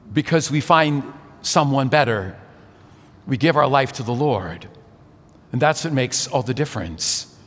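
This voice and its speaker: In a large church with long reverb, a man in his sixties delivers a sermon packed with rhetorical questions. This priest has a medium-pitched, slightly bright voice.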